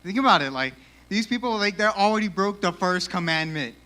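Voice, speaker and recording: A young man giving a casual, animated youth sermon in a church, peppered with "like," and a little out of breath. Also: high-pitched, brisk. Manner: casual, animated, lots of 'like'. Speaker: youth speaker.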